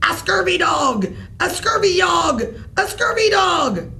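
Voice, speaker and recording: Woman voicing a bellowing toy pirate, high and loud, storybook reading, gravelly edge. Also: lively intonation, takes it slowly, slight background noise, exaggerated voice. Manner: bellowing, repetitive shouts. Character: talking toy pirate, egg-shaped, bellowing.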